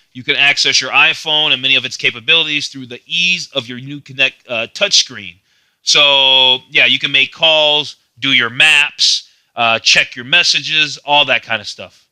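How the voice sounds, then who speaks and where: A man's voice: medium pitch, bright, forceful tone, no room sound, rough recording. A man casually walking through a car's feature page, reading text aloud and adding loose asides, with some stumbles and repeated words. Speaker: car review narrator. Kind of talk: casual screen-share walkthrough.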